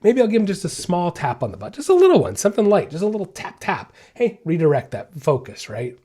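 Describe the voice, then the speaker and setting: A man with a mellow, slightly husky voice hosts a casual podcast and teaches about training dogs. He talks in a lively, animated way, repeating his points and checking in with "right?" and "okay?" as he goes. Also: high-pitched, quick pace. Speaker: podcast host and dog trainer. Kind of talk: casual instructional podcast talk.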